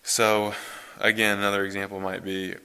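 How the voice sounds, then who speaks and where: A man in his thirties, a pastor, reading scripture and then preaching in a relaxed, conversational way in a church. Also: fairly low pitch, moderate pace, clear, resonant tone. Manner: conversational, relaxed, self-correcting.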